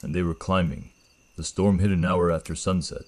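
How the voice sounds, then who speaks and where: A man narrating a first-person horror story in a grave, measured way. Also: sits low, little pitch movement, darkish tone.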